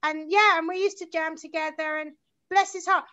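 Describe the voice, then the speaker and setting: A South London woman in her forties, a guest musician, chats casually in a rambling, sweary, enthusiastic way with a London accent. Her very high-pitched voice is bright and forceful, steady in tone, at normal speed. The recording sounds slightly muffled and lo-fi.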